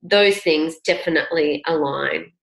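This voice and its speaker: A woman's voice: low-pitched, unhurried, vocal fry. Reflective woman in a roomy space. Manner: reflective, encouraging. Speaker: podcast co-host. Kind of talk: casual podcast chat.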